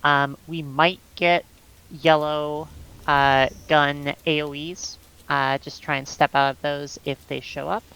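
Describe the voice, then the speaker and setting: Low, smooth-voiced woman leading a raid. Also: slow, low-quality recording. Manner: calm, instructive, with many ums. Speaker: raid leader. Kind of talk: explaining game tactics on voice chat.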